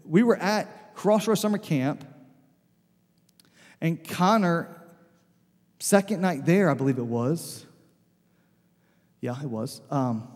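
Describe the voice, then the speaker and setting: A male pastor with a darkish voice on the high side preaches to his congregation in the church sanctuary. He tells his stories in a loose, conversational way, leaning often on "like," and the hall gives a long reverb.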